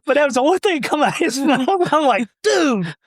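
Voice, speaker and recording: A man, a podcast guest telling stories about his brother in a halting, rambling way. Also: very high voice, animated, no echo, studio quality. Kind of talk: casual storytelling.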